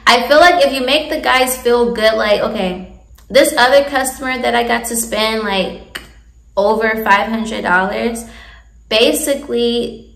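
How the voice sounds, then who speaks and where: Young woman chatting candid advice, a bit of gravel in her voice, echoey room. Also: fairly high pitch, unhurried, fairly bright tone. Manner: candid, chatty, laughs often. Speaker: vlogger giving advice. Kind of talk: casual advice chat.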